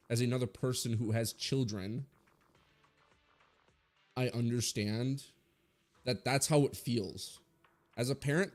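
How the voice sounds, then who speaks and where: A man's voice: mid-range voice, darkish tone. A man in his twenties giving a blunt, rambling opinion rant full of swearing, as a streamer talking to his viewers.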